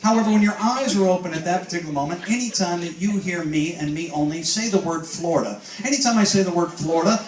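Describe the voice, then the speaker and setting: A man performing as a stage hypnotist. He gives slow, soothing trance commands and mixes them with upbeat banter with the audience. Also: high voice. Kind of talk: live stage hypnosis show. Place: cruise ship show lounge with live audience. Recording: echoey room from far off, loud crowd and noise.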